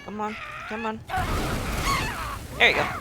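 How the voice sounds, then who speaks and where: A woman's voice: fairly high pitch, measured pace, very noisy. A woman streaming a video game live, reacting and swearing as she plays. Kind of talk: live gameplay commentary. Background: game music.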